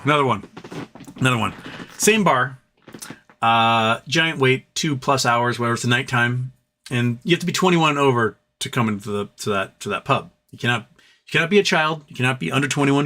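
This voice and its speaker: A man's voice: mid-range voice, fairly bright tone. A man hosting a live show, telling stories casually in a rambling, profane way and repeating phrases for effect. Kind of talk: casual storytelling.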